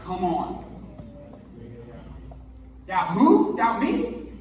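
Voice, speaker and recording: Male pastor, high voice, lively and joking in a sermon; echoey hall, picked up from a distance. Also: very slow, a loud crowd. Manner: energetic, conversational, jokey. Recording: echoey hall, mic far off.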